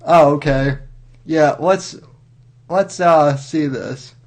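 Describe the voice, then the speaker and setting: A man hosting a livestream, giving rambling, wry commentary and halting with many restarts. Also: on the high side. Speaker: livestream host.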